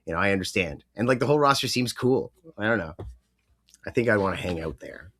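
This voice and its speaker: A man's voice: lowish voice, lively intonation, quick pace, a bit bright. A young man co-hosting a wrestling podcast in casual chat, rambling with lots of fillers and casual swearing. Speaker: podcast co-host.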